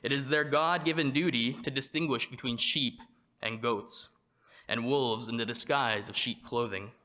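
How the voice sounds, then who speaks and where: A man preaching a sermon, reading from a prepared text in a measured way and slowing down to stress quoted verses. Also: mid-range voice, bright, forceful tone. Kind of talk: read sermon.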